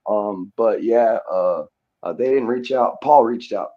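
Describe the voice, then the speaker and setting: A man's voice: lowish voice, a little slow, lo-fi sound. A man talking casually on a live audio chat, rambling and hesitant with many fillers and restarts.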